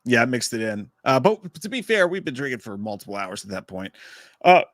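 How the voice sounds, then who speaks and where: A man's voice: mid-range voice, sing-song, fairly quick, no echo. A man co-hosting a casual livestream, telling rambling, crude stories and laughing along. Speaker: podcast co-host.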